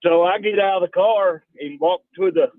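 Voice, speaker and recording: Folksy caller on a phone line. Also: male voice, high-pitched, normal speed, no echo. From Texas. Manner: folksy, drawling storyteller. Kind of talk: phone-in storytelling.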